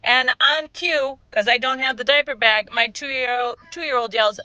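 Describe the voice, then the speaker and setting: A woman in her thirties tells a funny story about her chaotic family in a bright, forceful voice. She sounds wry and exasperated and drops deadpan asides. The sound is dry and close. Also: high-pitched, unhurried, no echo, poor audio. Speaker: mother telling a story. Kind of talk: comic storytime monologue.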